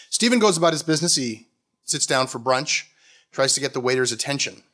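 A Canadian man giving a mock-academic comic talk in a sardonic, animated way. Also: medium pitch, brisk. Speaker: comedic lecturer. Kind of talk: stand-up style comic talk.

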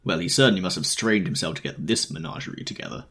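A blunt, scornful wealthy man, as a male narrator plays him, offhand and brusque. The voice is low and gravelly, with a husky grain. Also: big pitch swings, fast talker, a bit bright, full character voice.

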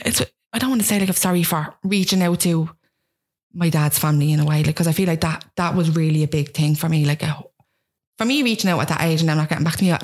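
A young woman with a Dublin Irish accent, telling her own story as a guest in a candid, self-mocking way and acting out what people said. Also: on the low side. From Ireland. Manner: rapid, frank, self-mocking, acts out quotes.

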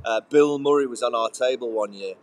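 A former cricketer co-hosting a podcast tells rambling anecdotes in casual chat, listing details padded with fillers. His voice is mid-range and a little mellow, and his pace is brisk.

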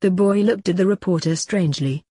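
A woman reading a short story aloud in a plain steady manner. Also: medium pitch, a little fast, slightly rough, no room sound.

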